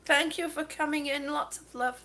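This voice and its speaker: A woman on oxygen, hosting a livestream and telling stories, chatty and quick to laugh. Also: sits high, steady tone, bright, forceful tone. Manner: chatty storyteller, laughs often. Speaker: livestream host. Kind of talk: casual chat, reading viewer comments.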